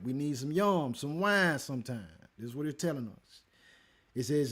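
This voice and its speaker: A man hosting a livestream who reads and answers his chat in a relaxed, casual way and teaches from scripture with growing emphasis. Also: on the high side, fairly quick. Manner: laid-back, talks to the chat, calls listeners man and y'all.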